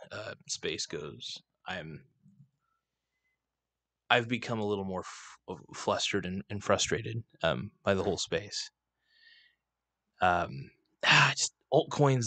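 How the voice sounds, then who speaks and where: A low-voiced man hosting a loose, unscripted livestream. He rambles and swears freely, talking into a desk microphone. The sound is dry and close. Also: fairly bright tone, no room sound. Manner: rambling, profane, irreverent. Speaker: livestream host. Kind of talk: casual livestream rant. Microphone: desk microphone, not clipped on.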